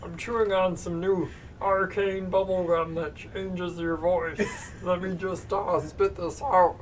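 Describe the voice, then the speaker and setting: A man, the game master, voicing a gnome shopkeeper named Deborah in a strained, nasal throat voice with a slow, hesitant drawl. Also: high-pitched, level tone, pitched above the performer's own voice. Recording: distant mic with background noise.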